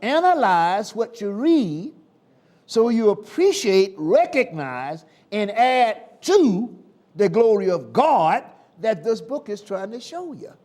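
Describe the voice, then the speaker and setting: Southern male preacher, high and animated, slow deliberate sermon cadence with sudden loud calls. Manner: call-and-response preaching with sudden loud and soft swings.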